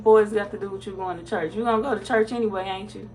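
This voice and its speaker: A woman's voice: mid-range voice, fairly even intonation, fast talker, hardly any pauses, slight background noise. Laid-back woman chatting on a livestream. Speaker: tarot reader. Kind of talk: casual livestream chat reading viewer comments.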